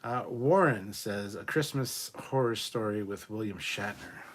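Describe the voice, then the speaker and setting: A man's voice: lowish voice, unhurried. A man in his forties co-hosting a casual livestream, reading viewer comments aloud in a laid-back, offhand way with frequent fillers and some swearing. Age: 40s. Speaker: podcast co-host.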